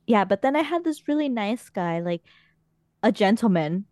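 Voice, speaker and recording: Speaking at normal speed in a mid-range, darkish voice with lively intonation, a young podcast host casually chats through her stories. She swears often, and the recording is dry and clean, studio-made.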